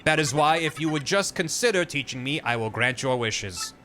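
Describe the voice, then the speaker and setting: A proud talking computer, played by a man, speaking in slow, flat, formal sentences. It sounds precise and self-assured, with a bright, forceful tone and a faint hiss behind it. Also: fairly high pitch. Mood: stiff, formal. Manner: stiff, measured robotic delivery.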